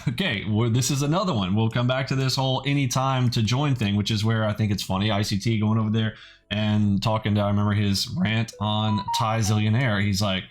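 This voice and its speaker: A man's voice: fairly low pitch, steady tone, a little fast. Blunt, skeptical male trading host. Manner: blunt, skeptical, peppers talk with "okay". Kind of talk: casual video commentary.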